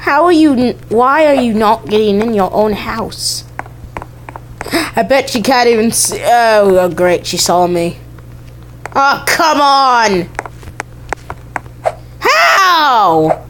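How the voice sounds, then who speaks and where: A woman giving let's-play commentary on a game, excitable, with frequent exclamations and repeated phrases. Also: fairly high pitch, slight background noise. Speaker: gaming YouTuber.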